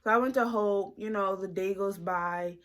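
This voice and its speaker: A woman in her twenties from the United States telling a casual storytime vlog into a phone camera, animated and slangy. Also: mid-range voice, moderate pace. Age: 20s. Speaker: vlogger.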